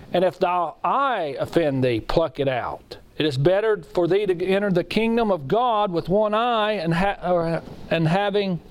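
A middle-aged man preaches with a high-pitched voice. He speaks earnestly and with feeling, often repeating his lines and reading scripture aloud. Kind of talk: sermon.

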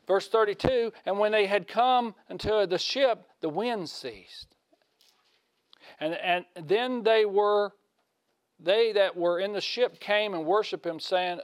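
A man giving a conversational sermon in a folksy way, asking his listeners questions and swinging from loud to hushed. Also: sits high, takes it slowly, clean tone, no echo. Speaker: preacher.

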